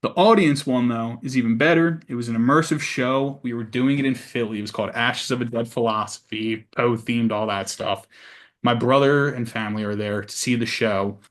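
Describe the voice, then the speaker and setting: A man guesting on a podcast, an actor telling animated, profane backstage anecdotes in casual conversation. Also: mid-range voice, moderate pace. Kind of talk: casual storytelling.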